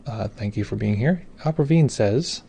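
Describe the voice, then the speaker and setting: A man's voice: lowish voice, expressive, moderate pace, gravelly, mellow, slightly rough. A man who hosts a meditation livestream, chatting casually from home as he reads viewer comments, rambling, stumbling over names and gushing with thanks. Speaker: meditation teacher hosting a livestream.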